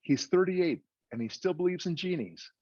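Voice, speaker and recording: A man's voice: high-pitched, animated, moderate pace, dark tone, no echo, voice pushed up. A man voicing an eloquent male genie freed from a lamp, speaking in formal, stately phrases. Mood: grand. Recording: dull muffled dry audio.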